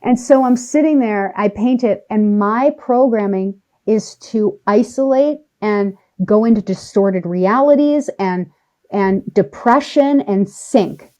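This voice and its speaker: Mellow-voiced woman telling an animated story. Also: mid-range voice. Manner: animated, emphatic, speeds up and slows down for effect. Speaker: podcast guest. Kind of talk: personal storytelling in conversation.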